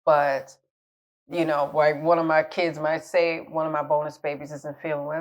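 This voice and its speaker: A woman's voice: sits low, little pitch movement, moderate pace. A middle-aged woman coach giving candid, conversational relationship advice, laughing at her own jokes now and then. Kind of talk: casual advice talk to camera.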